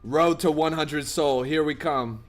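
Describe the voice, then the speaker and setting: A young man live-streaming his trading to chat, excitable and profane, bursting into loud shouts. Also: on the high side, unhurried, faint music behind. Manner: profane, blunt banter with chat.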